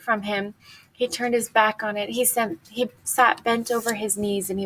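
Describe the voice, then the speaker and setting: A woman reads a novel aloud at a steady, unhurried pace, with a husky, breathy voice. She sounds like a teacher guiding a class through the book. The delivery is even and clear. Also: mid-range voice, rough recording.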